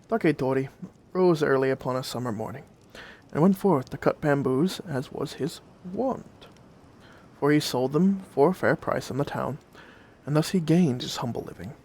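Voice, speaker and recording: A man narrating old folk tales in a gentle, old-fashioned fireside storytelling manner. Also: on the high side, normal speed, slight background noise.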